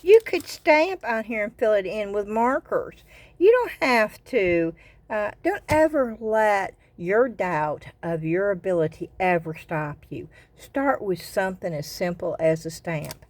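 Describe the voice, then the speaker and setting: A woman's voice: medium pitch, animated, measured pace, no echo. An older woman with a Southern US accent, chatting casually in a craft vlog. She rambles and often repeats her words as she goes. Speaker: craft vlogger. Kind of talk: casual chat.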